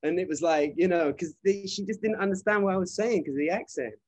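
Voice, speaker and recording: A man's voice: high voice, quick pace, no room sound. Laid-back british-accented young man. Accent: British English. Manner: relaxed, chatty storyteller, many fillers. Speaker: musician guest. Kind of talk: casual interview chat.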